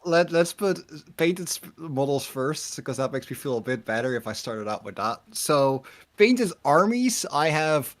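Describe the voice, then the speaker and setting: A man's voice: mid-range voice, fairly even intonation, moderate pace, few pauses. A man guest in a casual chat, enthusiastic and self-mocking.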